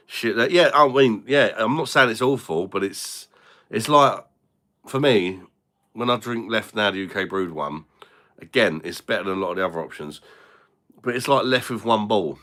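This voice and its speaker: A man's voice: lowish voice, lively intonation, normal speed, pauses often, pushed and bright. A man hosting a casual live stream about beer, blunt and sweary, chatting and chuckling with his viewers. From Britain. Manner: blunt and sweary, banters with chat, chuckles often.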